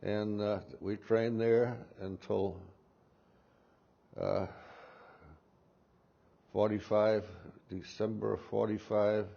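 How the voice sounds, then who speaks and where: Elderly man, Massachusetts accent, very deep and gravelly voice, halting and rambling, dull lo-fi recording. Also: flat delivery. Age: 80s. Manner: rambling, halting with many uh's and restarts. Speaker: war veteran interviewee. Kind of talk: recalling memories in an interview.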